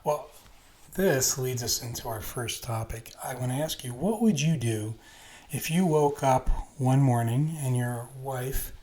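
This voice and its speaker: A man hosts a casual podcast and tells a personal story. He talks in a loose, chatty way at a middle pitch. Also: unhurried, mellow. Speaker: podcast host.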